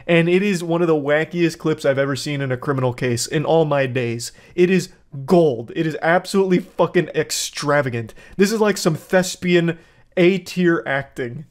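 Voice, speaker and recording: A man hosts reaction commentary and heaps sarcastic praise, dropping the odd curse. His voice sits a little high, and he keeps his delivery deadpan. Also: normal speed. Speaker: commentary host.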